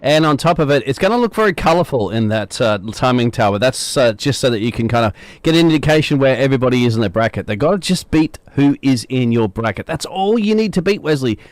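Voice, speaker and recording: Fast-talking race analyst. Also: male voice, mid-range voice, expressive, dry recording. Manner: rapid, chatty analysis with fillers. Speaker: color commentator. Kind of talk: sim racing commentary.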